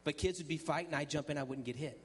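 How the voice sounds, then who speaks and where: Fairly high-pitched and fast-talking, a man shares his testimony as a guest speaker at church. His telling is conversational, peppered with ums and restarts, and he acts out the dialogue by voicing each quote.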